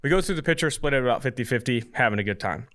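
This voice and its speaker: A man, co-hosting a podcast and telling a long story in an animated, casual way. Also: medium pitch, racing. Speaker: podcast co-host.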